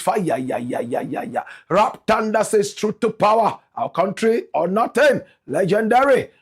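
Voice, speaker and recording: A man's voice: sits high, breathy edge. A man with a Ghanaian accent hosting a live talk show, speaking emphatically and reading out viewer messages. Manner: emphatic, preachy, calls out names with exclamations. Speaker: host.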